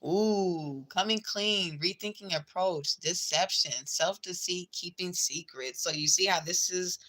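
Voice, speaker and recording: A woman's voice: on the low side, unhurried, bright, forceful tone. A woman giving a casual tarot reading, chatty and blunt, swearing freely and calling the listener babe and girl. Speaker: tarot reader.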